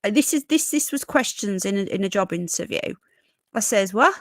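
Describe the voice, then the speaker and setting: A woman's voice: mid-range voice, lively intonation, normal speed, no echo, clean studio sound. A woman from Birmingham with a toned-down Brummie accent touched by Yorkshire, chatting casually as a livestream host and reading out viewer comments. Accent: toned-down Birmingham with a bit of Yorkshire. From Birmingham, England. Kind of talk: casual live-stream chat reading comments.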